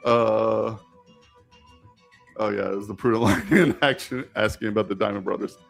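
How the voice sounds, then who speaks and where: A man's voice: on the low side, very animated, measured pace, creaky, pauses often, soft background music. A man hosting a casual live stream while gaming, rambling with many fillers and turning emphatic when he argues.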